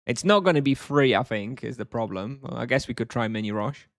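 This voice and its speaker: A man talks casually to his chat while he plays, wry and offhand. His voice sits at an ordinary middle pitch. The sound is dry and close, with no room echo. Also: fairly quick. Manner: wry, offhand, answers chat between moves. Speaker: game streamer. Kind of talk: casual live-stream chat while gaming.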